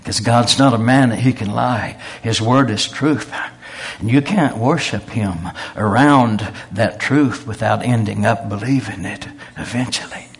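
A man's voice: on the low side, measured pace. A man, preaching a sermon in a folksy storytelling way. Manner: folksy storytelling with quoted voices.

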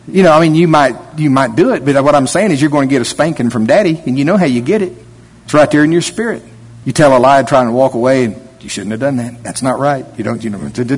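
Husky folksy male preacher. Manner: folksy, jumps to a high whiny voice when mimicking complaints. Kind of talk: sermon with prayer.

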